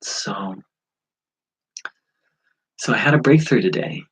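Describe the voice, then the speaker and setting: A man from the USA talking through a personal spiritual insight, halting, with many fillers and restarts. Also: lowish voice, breathy edge, poor audio. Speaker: spiritual teacher. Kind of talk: reflective spiritual vlog.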